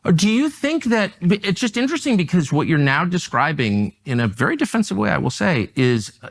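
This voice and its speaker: A man's voice: high voice, big pitch swings, fairly quick, gravelly. A male interviewer questioning a guest pointedly, pressing and incredulous, often cutting in.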